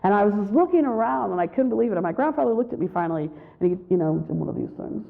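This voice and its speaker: A woman gives a spiritual retreat talk, with a slightly gravelly voice. She tells her stories in an animated way and acts out what people said. The sound is thin and tinny, like it came over a phone line. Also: medium pitch, very fast. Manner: animated storytelling, acts out quotes. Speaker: retreat speaker.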